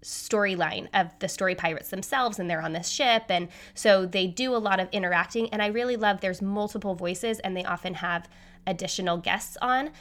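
Woman in her thirties, podcast host, solo monologue, talks fast, mid-range voice. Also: mid-range voice, fairly bright tone. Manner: fast-talking, says so herself.

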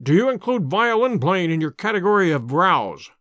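Sherlock Holmes, a brisk eccentric detective, read by a man. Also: high-pitched, sing-song, a bit bright, no room sound, studio quality. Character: sharp, eccentric male amateur detective. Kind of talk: audiobook character reading.

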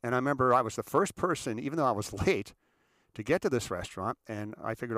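Animated male author, casual anecdotes, repeats himself, dry close recording. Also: medium pitch, dry recording. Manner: animated, repeats words, quick asides. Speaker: author answering audience questions.

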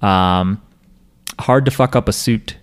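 A man's voice: on the low side, slow, smooth. A man co-hosting a podcast, chatting casually and reading out a listener's email, rambling with restarts and laughs. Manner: rambling, self-interrupting, laughing. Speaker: podcast co-host.

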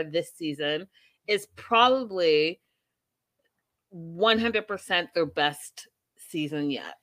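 A woman hosting a casual reality TV recap, chatty and animated, often acting out what people said. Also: fairly low pitch. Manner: chatty, animated, laughing, acts out quotes.

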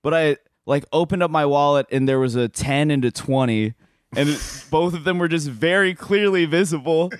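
A man who is a comedian, telling a story in a halting, self-deprecating way with many restarts. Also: fairly high pitch, clean tone, no echo, clean studio sound. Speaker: comedian guest. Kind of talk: casual storytelling.

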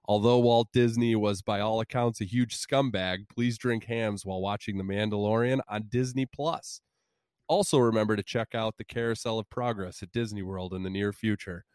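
A man hosting a comedy podcast, reading sponsor copy with a deadpan, wry delivery. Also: lowish voice, moderate pace, clean tone, no echo, studio quality. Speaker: podcast host. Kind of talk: deadpan comic ad read.

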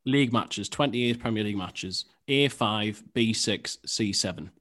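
A man hosting a football quiz on a podcast, reading questions in a dry, measured way. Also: fairly low pitch, fairly bright tone.

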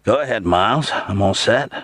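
A man's voice: lowish voice, animated, moderate pace, a bit bright, husky, no room sound, clean studio sound. A man voicing a cheerful, joking friend on a long-distance phone call in an audiobook. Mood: attentive.

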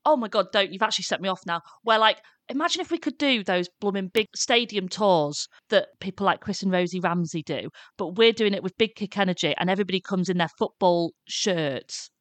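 A woman's voice: mid-range voice, dry recording. A woman from England co-hosting a casual podcast chat, joking and playful. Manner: playful, quick jokes. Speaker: podcast co-host.

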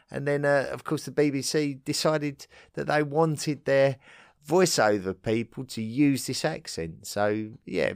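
A low-pitched man hosting a podcast in loose, unscripted chat. He rambles in a friendly way, restarting phrases as he thinks aloud. The sound is close and dry, with no room around it. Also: no room sound. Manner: rambling, self-correcting, friendly. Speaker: podcast host.

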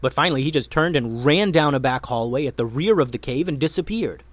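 Animated male storyteller, dry close sound. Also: mid-range voice, fairly quick, no room sound. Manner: expressive, animated reading. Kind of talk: children's story narration.

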